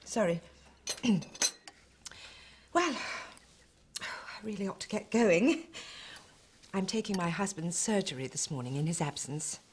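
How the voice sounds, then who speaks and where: An actress playing a cool, prim politician's wife in a sitcom. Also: female voice, fairly low pitch, expressive, unhurried, long pauses, a little hiss or hum. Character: cold posh politician's wife, stiff and prim. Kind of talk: sitcom acting.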